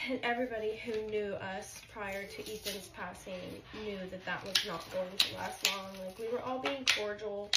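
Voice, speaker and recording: Subdued woman with a gravelly voice. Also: mid-range voice, echoey room, background noise. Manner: subdued, halting, with frequent ums. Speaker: widowed mother. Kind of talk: casual storytime.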